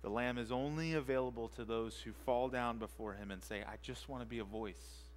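A man who is a pastor, preaching a sermon with emphatic repetition and rhetorical questions, moving between quiet and loud for emphasis. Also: mid-range voice, fairly quick, a little hiss or hum. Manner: emphatic, repeats key phrases and asks rhetorical questions. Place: church sanctuary.

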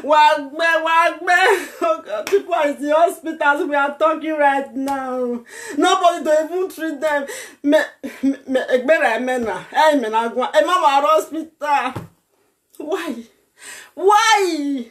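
A Nigerian woman with a Nigerian accent, delivering an impassioned political rant to her viewers, shouting and pleading. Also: sits high, unhurried. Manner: shouting, pleading, breaks into laughter. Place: lives abroad in Europe.

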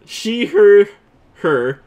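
A man's voice: sits high, sing-song, very slow, darkish tone. Goofy young man hosting a let's play. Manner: goofy, laughing often, rambling restarts. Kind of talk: casual gaming chat, reading game text aloud.

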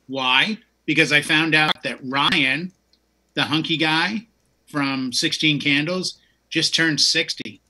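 Husky-voiced man with a bright, forceful tone. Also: fairly high pitch, slow. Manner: enthusiastic, tells long digressive stories. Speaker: DJ and show host. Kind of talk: casual chat.

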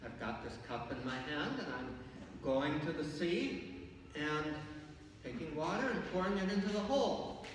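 A man's voice: on the high side, expressive, unhurried, background noise. A priest doing a matter-of-fact little boy. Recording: echoey church from far off.

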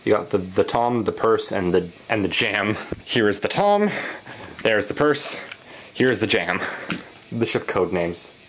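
Wry woman with a lively voice. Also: rumbling low, unhurried, slight background noise. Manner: wry, joking asides to herself. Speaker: stop-motion hobby animator. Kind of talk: casual behind-the-scenes commentary.

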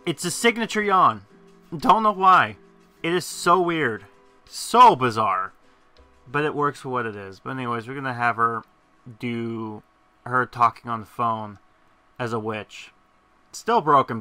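A man narrating his gameplay in a loose, rambling way, often correcting himself mid-sentence. His voice is very bright and crisp at a middle pitch. Faint game music plays behind him. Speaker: game commentator. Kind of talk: gameplay commentary.

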